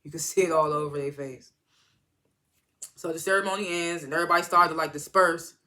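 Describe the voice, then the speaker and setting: A man's voice: on the high side, steady tone, brisk, sharp tone. A man giving a casual, rambling, slangy recap of a TV episode as a reviewer. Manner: rambling slangy retelling with acted-out quotes. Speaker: TV show reviewer.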